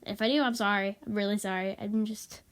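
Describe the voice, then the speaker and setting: A woman's voice: mid-range voice, steady tone, brisk, clear, resonant tone. A woman vlogging in a casual, rambling monologue, stuffy and sniffling, apologetic and repeating herself, recorded on a tablet. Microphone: tablet microphone.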